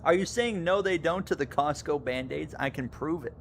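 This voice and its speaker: Man streaming a racing game over rumble. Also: moderate pace, gravelly. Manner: casual rambling, swings to loud excited yelling during close racing. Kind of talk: live gameplay commentary chatting with viewers.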